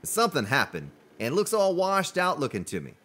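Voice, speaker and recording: A man's voice: on the high side, wildly swooping pitch, fairly quick, bright, forceful tone. A man chatting to viewers while he streams a survival game, joking and commenting as he plays. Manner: chatty, jokey, talks to viewers. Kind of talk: live gameplay commentary.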